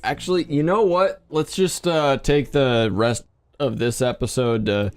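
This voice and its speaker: A man's voice: medium pitch, steady tone, a little slow, faint music behind. A man, tipsy, co-hosting a let's play at home and bantering about the game with his partner. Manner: bantering, argumentative. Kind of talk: casual gaming chat.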